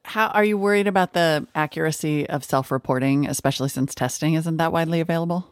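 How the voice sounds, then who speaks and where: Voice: medium pitch, fast, clear, resonant tone, no room sound. An interviewer putting probing questions to a guest, voice sitting in a middle register. The sound is dry and close, with no room around it.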